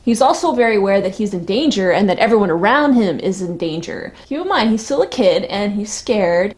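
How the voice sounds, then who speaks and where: A woman's voice: medium pitch, darkish tone. A woman recapping and reviewing a TV episode in a casual vlog, talking emotionally and casually swearing, getting teary and choked up. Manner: emotional, fighting back tears, swears freely. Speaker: YouTube reviewer.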